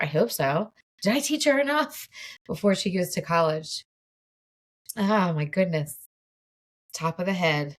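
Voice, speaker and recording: Chatty woman coach guiding tapping. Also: lowish voice. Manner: casual, chatty, open and self-revealing. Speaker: mindset coach. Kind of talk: guided tapping demonstration.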